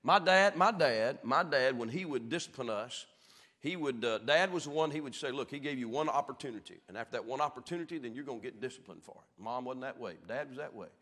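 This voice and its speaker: A man with a Southern American accent preaching a sermon as pastor, swinging from shouted peaks down to low, quiet lines. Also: fast. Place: church sanctuary. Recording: echoey church hall.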